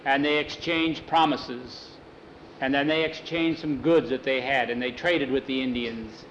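An older man telling a frontier story in an unhurried, folksy way and acting out the dialogue. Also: mid-range voice, fairly even intonation, a bit bright, muffled recording, slight background noise. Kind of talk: spoken storytelling.

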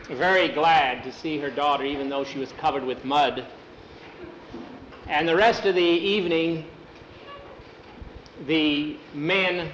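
An older man telling a frontier story in an unhurried, folksy way and acting out the dialogue. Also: fairly high pitch, a little hiss or hum, poor audio. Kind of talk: spoken storytelling.

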